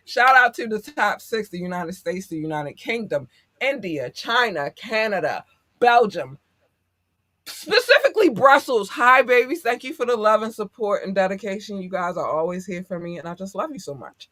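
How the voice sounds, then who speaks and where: A woman's voice: lowish voice, very animated, moderate pace, a bit bright, dry recording, studio quality. A woman co-hosting a podcast in casual chat, effusive and affectionate, laughing often as she talks to listeners. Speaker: podcast co-host.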